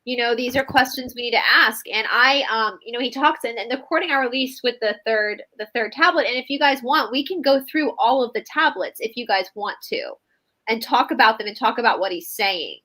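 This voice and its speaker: Bright, lively woman hosting a live stream. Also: fairly high pitch, a little fast, low-quality recording. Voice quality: animated, laughs readily. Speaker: co-host of a live spiritual talk stream. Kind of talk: casual live-stream chat.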